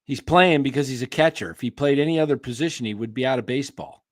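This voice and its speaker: A man's voice: mid-range voice, quick pace, dry recording, clean studio sound. A man hosting a casual sports talk stream, opinionated and rambling, answering viewers by name while his voice wears thin. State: losing his voice, clearing throat. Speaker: sports show host. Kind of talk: casual live-stream commentary.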